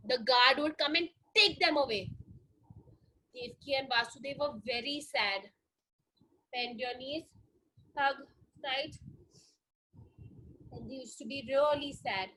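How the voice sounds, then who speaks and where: A woman telling a story to children and leading them through yoga poses in an animated way. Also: high-pitched, recorded from a distance, low-quality recording.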